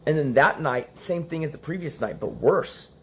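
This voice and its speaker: A man's voice: on the high side, animated, normal speed, a little hiss or hum. A young man telling a story in casual stream talk, acting out the quoted lines and laughing between them.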